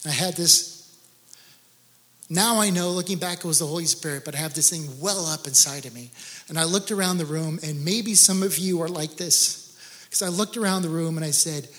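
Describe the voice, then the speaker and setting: A guest speaker with a voice that sits high and a bit bright addresses a church gathering at normal speed, sounding like he's in a big room. He gives a testimony sermon about his own faith, earnest and storytelling, building to intense emphasis.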